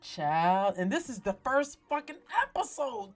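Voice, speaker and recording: A woman's voice: a little high, big pitch swings, measured pace, hardly any pauses, soft background music. A woman hosting a talk show, recapping a TV episode in a casual, dramatic, slang-heavy way full of swearing. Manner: profane, slangy, dramatic storytelling.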